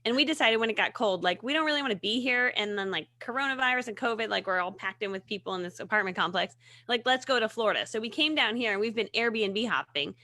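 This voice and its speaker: Bright-voiced chatty woman. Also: on the high side, expressive, quick pace, hardly any pauses, no echo. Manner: chatty, laughs often, storytelling. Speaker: guest author. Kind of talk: casual chat.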